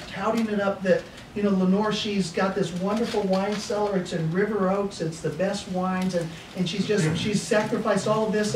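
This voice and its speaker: A middle-aged man who is a pastor shares homespun stories during a storytelling seminar talk, chuckling often in a folksy way. His voice is high with a darkish tone, and the noisy recording comes from a distance in an echoey seminar room.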